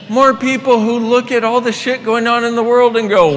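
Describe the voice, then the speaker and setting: A man giving a live motivational talk to an audience, animated and playful, swearing casually. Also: extremely high pitch, moderate pace, few pauses. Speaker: workshop facilitator. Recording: long hall reverb, faint noise.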